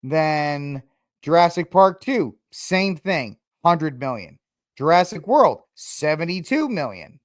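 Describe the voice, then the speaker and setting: A man's voice: fairly high pitch, big pitch swings, takes it slowly, no echo, clean studio sound. A man hosting a podcast who talks casually alone, thinking aloud with lots of fillers and restarts. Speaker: podcast host. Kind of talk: casual solo commentary.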